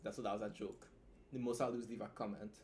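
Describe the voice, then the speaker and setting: A man's voice: fairly low pitch, little pitch movement, darkish tone, slight background noise. A young man with a Trinidadian accent hosting a casual livestream, talking bluntly with jokes and swearing as he reacts to a story. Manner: blunt, joking, swears freely, fast asides. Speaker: livestream host and writer.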